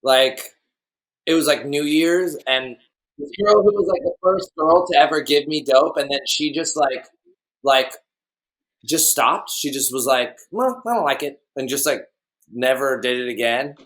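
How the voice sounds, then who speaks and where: A man telling loose, meandering stories on a podcast, often laughing at himself. His voice sits in an ordinary middle pitch. The talk is relaxed and casual. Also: measured pace. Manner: rambling storyteller who laughs at his own tales. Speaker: podcast guest. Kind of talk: casual chat.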